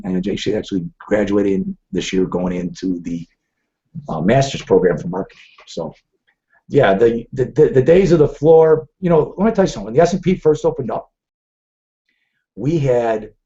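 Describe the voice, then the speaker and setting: A man's voice: fairly low pitch, moderate pace, dark tone. A middle-aged man hosting a live trading webcast, drifting from one story to the next. He restarts his sentences often and rambles freely. The audio is dull and lo-fi. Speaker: trading show host.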